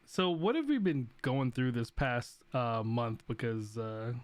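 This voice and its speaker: A man's voice: medium pitch, animated, measured pace. Rambling male gaming-podcast host. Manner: rambling, many fillers. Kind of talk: casual gaming chat.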